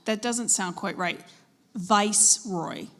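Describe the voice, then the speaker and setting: Bright-voiced woman pronouncer in echoey hall. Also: medium pitch. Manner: clear, measured, encouraging. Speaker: spelling bee pronouncer. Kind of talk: pronouncing and defining words for contestants. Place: school event hall. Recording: echoey hall with long reverb.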